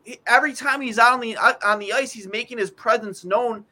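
A man's voice: very high-pitched, a little fast, bright, forceful tone. A man co-hosting a casual hockey podcast, ranting in an exasperated, rambling way with many stammered restarts. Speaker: podcast co-host. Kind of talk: casual sports talk.

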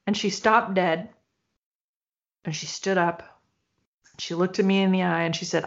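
A woman's voice: mid-range voice, moderate pace. Woman telling a story, slightly muffled. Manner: animated, swearing, acts out quoted voices. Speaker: podcast co-host. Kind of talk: casual storytelling chat. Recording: dull, slightly lo-fi sound.

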